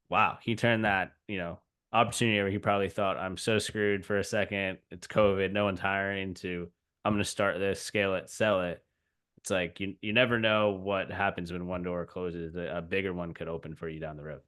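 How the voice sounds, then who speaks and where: A man hosts a podcast interview, chatting casually and agreeing with his guest. His voice is very deep, and the tone is smooth and resonant. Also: sharp tone. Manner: casual and affirming, many fillers. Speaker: podcast host.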